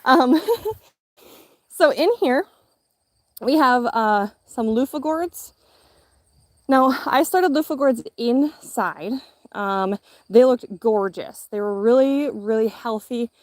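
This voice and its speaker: A woman's voice: a little high, slow pace, long pauses, dry recording. A woman giving a casual live-stream tour of her garden outdoors, chatty and upbeat, a little out of breath in the heat. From Minnesota. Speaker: gardening vlogger.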